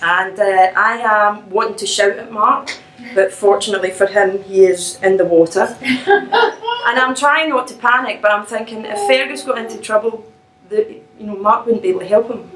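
Animated woman telling a personal story. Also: on the high side, normal speed, echoey room, crowd noise, rough recording. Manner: animated, laughing, self-mocking.

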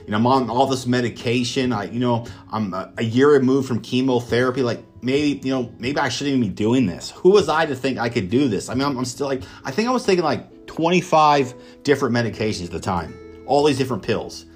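A man's voice: medium pitch, lively intonation, a little fast, hardly any pauses, slightly rough, faint music behind. A man from Kansas telling a motivational personal story in an enthusiastic, conversational way, with lots of fillers. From Kansas, United States. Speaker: speaker sharing his story.

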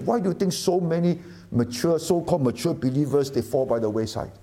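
A man's voice: medium pitch, warm tone. A middle-aged man preaching a sermon, emphatic and often asking the audience questions. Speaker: pastor.

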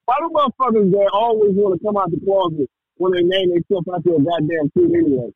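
A man with a high, husky voice rambles through crude podcast banter and keeps asking "you know what I'm saying." His mic sounds dull and lo-fi. It is dry, with no room echo. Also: big pitch swings, fast talker. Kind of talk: casual chat.

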